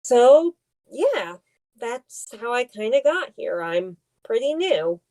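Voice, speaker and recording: Slow, mellow, hesitant young woman. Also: a little high, big pitch swings, poor audio. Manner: hesitant, many ums and restarts. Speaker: podcast co-host. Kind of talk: casual podcast chat.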